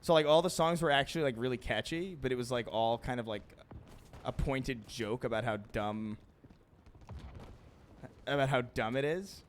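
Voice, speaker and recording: A man's voice: mid-range voice, normal speed, long pauses, a little hiss or hum. A man hosting a casual gaming stream, rambling, swearing a lot and laughing often. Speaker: streamer host.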